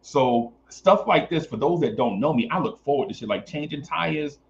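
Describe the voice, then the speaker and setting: A man's voice: mid-range voice, normal speed, dull audio, slight background noise. A man casually telling a long story on a podcast, swearing and acting out the other voices. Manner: animated, swears, acts out voices.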